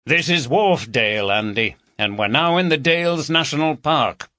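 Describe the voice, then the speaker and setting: A man's voice: fairly high pitch, expressive, sharp tone, no echo, studio quality, pitched above the performer's own voice. A man voicing a jovial, teasing male chief inspector with a Yorkshire accent. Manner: hearty, teasing, brisk.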